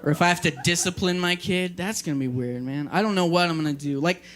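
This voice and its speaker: A young man performing a stand-up comedy set at a party, animated and acting out scenes in a raised, scolding voice. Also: sits high, fast talker. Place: party venue with live audience.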